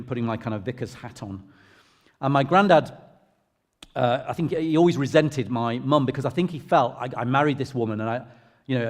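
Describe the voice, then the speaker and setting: A middle-aged English vicar sharing a personal testimony in church, in a conversational, self-deprecating storytelling way. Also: male voice, mid-range voice. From England. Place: church hall. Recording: long reverb of a large hall.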